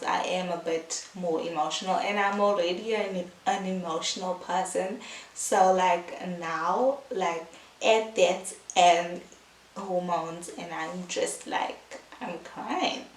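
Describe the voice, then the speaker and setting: A young woman, a new mother, chatting in a casual, heartfelt vlog, full of "like" and "um". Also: fairly low pitch. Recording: echoey room, mic at a distance, faint hiss.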